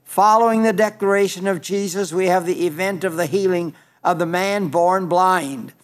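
An older man preaching a sermon, halting and restarting often, slowing and lifting his voice when he quotes scripture. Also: sits high. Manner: halting, with frequent restarts and fillers.

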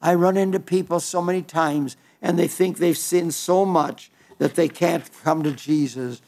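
Gravelly-voiced man preaching a sermon. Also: fairly high pitch, steady tone, darkish tone. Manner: earnest, with halting restarts and emphatic quoting.

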